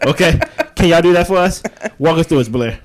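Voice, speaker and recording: A man co-hosting a casual reality-show recap podcast, joking and teasing his co-host in an animated way. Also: a little high, fast.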